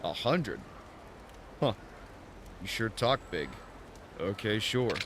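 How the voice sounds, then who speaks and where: A man voicing a terse adult male brawler with a flat, low reading of game dialogue. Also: slow, background noise. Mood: gruff.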